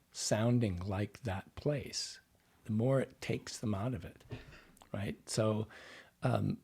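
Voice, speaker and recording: A man in a podcast interview, laying out how he coaches actors. He talks in an explanatory, teaching way, at an ordinary pitch for a man. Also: warm tone, slightly rough. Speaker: dialect coach guest.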